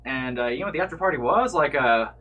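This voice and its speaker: A man's voice: medium pitch, lively intonation, quick pace, dull audio, a little hiss or hum. A man co-hosting a casual chat, rambling and hesitant with many filler words. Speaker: co-host.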